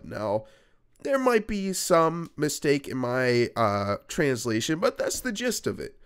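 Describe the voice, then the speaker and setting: A young man tells a personal story in a casual vlog. His delivery is animated and peppered with profanity, and his pitch swings widely as the story builds. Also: slow, clear, resonant tone. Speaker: YouTuber telling a personal story.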